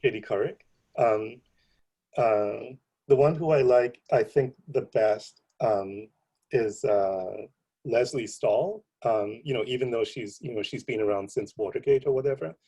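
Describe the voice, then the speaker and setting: A man, a computer science professor, giving a seminar lecture in a relaxed, conversational way, full of ums and you-knows. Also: medium pitch, measured pace, slightly rough, poor audio.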